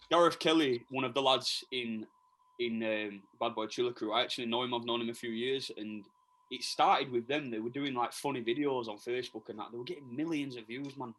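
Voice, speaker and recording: A man's voice: medium pitch, fairly even intonation, moderate pace, fairly bright tone, low-quality recording. A man with a Leeds accent, a DJ talking chattily and eagerly as a podcast guest, with lots of restarts and fillers. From Leeds, England. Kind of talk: casual podcast interview.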